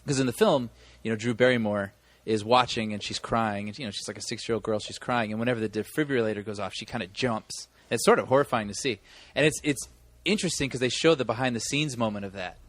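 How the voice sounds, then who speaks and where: A man's voice: mid-range voice, quick pace, fairly bright tone. A man co-hosting a movie podcast, telling a long story in casual chat with many restarts. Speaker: podcast co-host.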